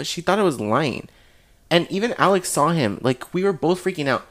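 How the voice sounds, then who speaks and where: Animated young man telling a story. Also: on the high side. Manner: animated, swearing storyteller with fast bursts. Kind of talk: casual chat.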